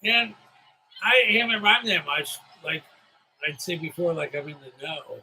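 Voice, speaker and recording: A man's voice: fairly high pitch, animated, measured pace, sharp tone, a little hiss or hum, low-quality recording. A middle-aged man from upstate New York hosting a solo live stream, rambling and chatty after a few drinks. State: slightly tipsy.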